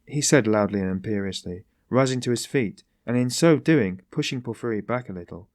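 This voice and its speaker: A man narrating an audiobook in a measured, even reading. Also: fairly low pitch, no room sound, clean studio sound. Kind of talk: scripted narration.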